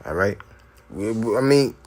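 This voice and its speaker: A man's voice: lowish voice, animated, normal speed, a little mellow. A man giving preaching commentary on video clips, rhetorical and repetitive, often checking in with "all right?". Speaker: religious commentator.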